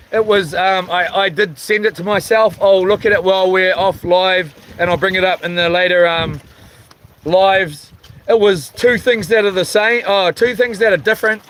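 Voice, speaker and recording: A man's voice: sits high, fairly bright tone, slight background noise, rough recording. A man with a New Zealand accent hosting a casual live stream, reading chat comments in a laid-back way with lots of ums and chuckles.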